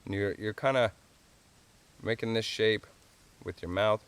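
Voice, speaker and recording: Laid-back guy with a lowish voice teaching animal calls, folksy and chuckly. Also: measured pace, smooth. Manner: easygoing, chuckles often, plain folksy explanations. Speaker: wildlife calling instructor. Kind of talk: hands-on tutorial.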